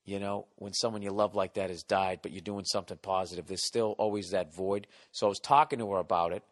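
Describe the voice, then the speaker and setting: A man's voice: low voice, fairly even intonation, fairly quick, long reverb tail. A middle-aged man hosting a podcast, telling a comic story in a profane, exasperated rant. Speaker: podcast host.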